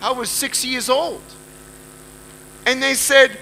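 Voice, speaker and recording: A man's voice: very high voice, normal speed, pushed and bright, a little hiss or hum, rough recording. A man with an Australian accent giving an emphatic motivational speech to a live audience, repeating lines for effect. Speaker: motivational speaker.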